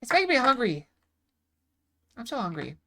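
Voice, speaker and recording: A woman's voice: medium pitch, fast, background noise, natural voice. A woman voicing a chatty, fawning elderly woman security guard in a video game playthrough, rambling and doting. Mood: gushing. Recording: music playing underneath.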